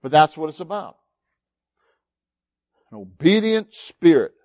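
A man preaches from the pulpit with a fairly high voice that leaps up and down in pitch, punching some words loud and dropping others to a near mutter. The recording sounds muffled and lo-fi, like an old church tape. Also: a little slow. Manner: animated preaching, swinging between loud emphasis and quiet asides. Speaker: pastor. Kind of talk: sermon.

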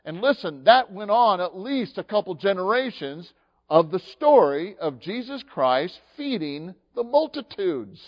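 A male pastor preaching a sermon in an animated way, swinging from hushed asides to emphatic, acted-out dialogue, recorded in a church sanctuary. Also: high-pitched, unhurried. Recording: dull lo-fi sound with long hall reverb.

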